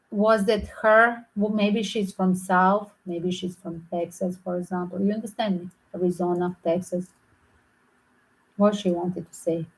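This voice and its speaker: A woman speaking as a tarot reader in an unscripted vlog. She is opinionated and emphatic, and she rambles, often breaking off to restart a sentence. Her voice sits at an ordinary middle pitch. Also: rough recording.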